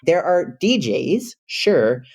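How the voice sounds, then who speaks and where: A man hosts the podcast in a casual, chatty way. He speaks eagerly and bookishly, often in quick bursts of enthusiasm. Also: fairly high pitch, big pitch swings, a little mellow. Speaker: podcast host. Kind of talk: casual interview chat.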